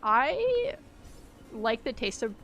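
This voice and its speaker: A woman's voice: on the high side, big pitch swings, takes it slowly, fairly bright tone, soft background music. A woman chatting casually on a game live stream, rambling, laughing often and reacting aloud to the game. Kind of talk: casual live-stream chat while gaming.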